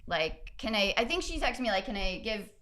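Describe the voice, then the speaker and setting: A woman's voice: medium pitch, big pitch swings, a little fast, bright, forceful tone. A woman in casual podcast chat, talking in a chatty way with many fillers and easy laughs. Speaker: podcast guest.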